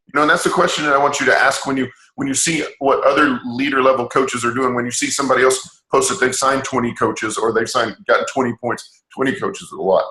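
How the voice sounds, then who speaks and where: A man's voice: medium pitch, pushed and bright, echoey room, low-quality recording. A man hosting a team call, giving motivational talk with many fillers and restarts.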